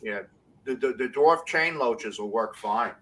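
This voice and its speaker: Man, matter-of-fact, bright voice, middle pitch. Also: poor audio. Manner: quick, matter-of-fact advice. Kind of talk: casual chat.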